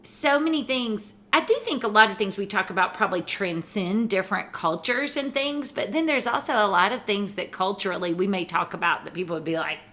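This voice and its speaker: A middle-aged Southern woman with a bright, clear-toned voice, chatting loosely as a podcast co-host. She rambles a bit and leans on "like" as she talks. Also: mid-range voice, a little fast, hardly any pauses. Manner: chatty, rambling, many "like" fillers. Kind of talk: casual chat.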